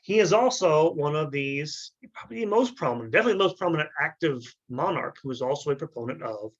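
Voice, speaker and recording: Halting man lecturing on history. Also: a little high, animated, lo-fi sound. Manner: halting, many fillers and restarts, frequent throat clearing.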